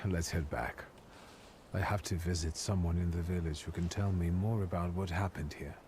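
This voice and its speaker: An actor playing a polite, brooding male investigator in a video game, speaking in a low, measured and courteous way. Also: steady tone, a little mellow, lightly acted. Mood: concerned. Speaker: game protagonist. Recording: noisy game audio capture.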